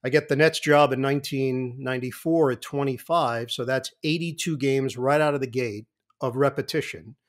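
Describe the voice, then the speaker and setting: A sportscaster in his fifties, a guest on an interview show, telling vivid, animated stories. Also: medium pitch, moderate pace. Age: 50s. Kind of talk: anecdotal interview talk.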